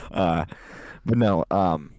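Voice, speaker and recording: A man co-hosting a podcast in casual chat, crude and deadpan in his jokes. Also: low-pitched, no room sound. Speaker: podcast co-host.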